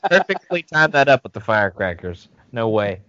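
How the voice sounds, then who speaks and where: A man co-hosting a podcast, giving lively, joking commentary on a film. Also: medium pitch, moderate pace, dry recording. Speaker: podcast co-host. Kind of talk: casual live-watch banter. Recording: dry, dull lo-fi podcast audio.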